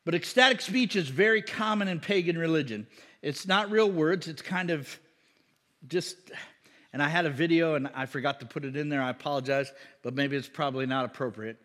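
Heard through long hall reverb, this pastor's fairly high, fairly bright voice carries a chatty sermon in a church hall. He leans on fillers, wanders into asides and repeats himself often.

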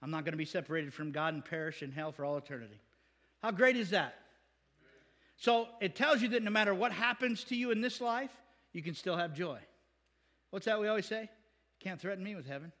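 Male pastor, high voice, lively casual preaching, long hall reverb. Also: brisk. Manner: animated, conversational, acts out quotes. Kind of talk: sermon.

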